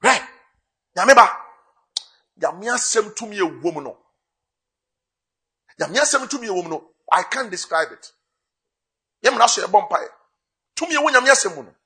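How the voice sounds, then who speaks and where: A man with a Ghanaian accent delivers a sermon, moving between Twi and English. His voice sits high and bright, with a husky edge, and he rises into fervent bursts of emphasis. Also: very animated, moderate pace, long pauses. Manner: preaching with rising bursts, mixing Twi and English. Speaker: pastor.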